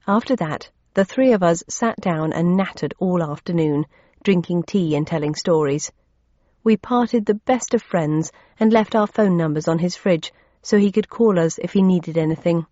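A woman's voice: fairly low pitch, normal speed, warm tone, no room sound. A woman reading an audiobook aloud with a dry, wry storytelling manner. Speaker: audiobook narrator. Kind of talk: audiobook narration. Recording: dull lo-fi audio.

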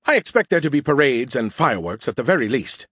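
A man's voice: mid-range voice, sing-song, quick pace, a bit bright, breathy edge, no room sound, clean studio sound. A man voicing a boastful, snarky male AI that lives in a beer can, in a raised, self-important tone. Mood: smug.

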